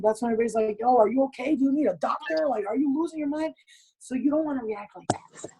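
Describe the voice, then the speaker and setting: A woman's voice: a little high, fast talker, dark tone, slight background noise, low-quality recording. A woman hosting a group video call, giving blunt advice in casual chat, swearing freely and laughing often.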